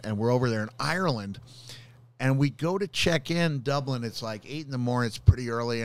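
A man telling a funny story as a podcast guest, chuckling as he goes. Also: medium pitch. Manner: animated storyteller, chuckles through his stories. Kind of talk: casual anecdote telling.

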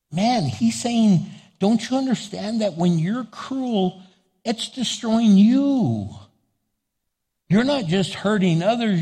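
A man preaching in a church with a slightly high, husky voice. He's animated, slipping into little acted-out dialogues and laughing along the way. His voice rings with long reverb from a big sanctuary. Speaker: pastor. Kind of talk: sermon.

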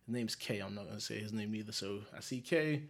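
A man's voice: lowish voice, fast, creaky. A young adult man from England, a guest telling a story in a casual, slangy, laid-back way and laughing often.

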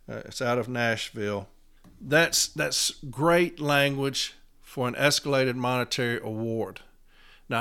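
A union steward who hosts a podcast earnestly explains a labor arbitration decision, reading contract language aloud with emphasis. His mid-range voice is smooth and fairly bright.

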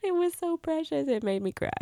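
A woman's voice: high-pitched, expressive, normal speed, gravelly, warm tone, no echo, studio quality. A woman in her thirties co-hosting a podcast from home, chatting casually, telling stories and laughing often. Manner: chatty, giggly, storytelling. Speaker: podcast co-host. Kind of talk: casual chat.

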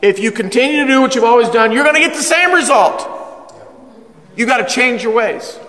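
A middle-aged male pastor preaching a sermon with energy and humor. He stresses his points and slows down to read scripture. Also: very high-pitched, animated, sharp tone, big-room sound. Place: church.

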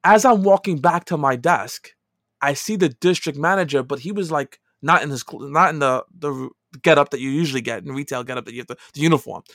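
A middle-aged man casually telling a long personal story, dropping to quiet asides and rising to loud, emphatic lines. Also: a little high, fairly quick, no echo, clean studio sound. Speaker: podcast co-host telling a story.

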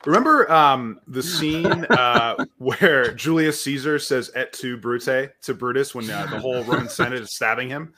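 Bright-voiced joking man. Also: mid-range voice, moderate pace, few pauses. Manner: joking, laughs while talking. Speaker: podcast co-host. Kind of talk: casual podcast discussion.

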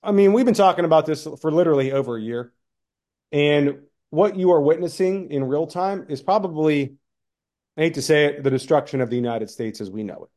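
A man's voice: fairly high pitch, a little fast, darkish tone. A man co-hosting a podcast in earnest, alarmed political talk, often turning to his co-host.

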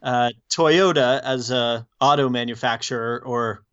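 A man from the United States answers interview questions in a measured, explanatory way, pausing on fillers. His mid-range voice comes over a slightly dull, muffled line. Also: mid-range voice, a bit bright, smooth. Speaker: guest, plugin developer.

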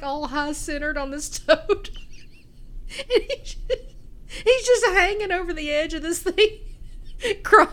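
Lively, laughing woman co-host. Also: high voice. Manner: animated storytelling, breaks into laughter. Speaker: podcast co-host. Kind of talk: casual chat.

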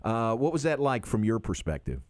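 A man's voice: mid-range voice, very animated, a little fast, darkish tone, no room sound. A man hosting a radio talk show, interviewing a guest in an easygoing, jokey way from the studio.

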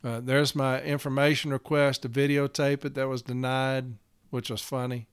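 A man's voice: mid-range voice, little pitch movement, moderate pace, clear, resonant tone. A man telling a work story in a casual podcast as a union representative, blunt and emphatic, swearing freely.

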